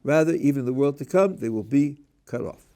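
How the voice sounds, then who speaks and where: A man's voice: mid-range voice, expressive, brisk, warm tone. A middle-aged man, a rabbi, teaching a class: he reads a passage aloud and then explains it, with frequent restarts. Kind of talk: text-based lecture.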